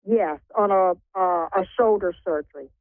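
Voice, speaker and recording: A woman calling in to a radio show, hesitant and halting as she asks her question. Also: medium pitch, no echo. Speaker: caller. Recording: tinny phone line.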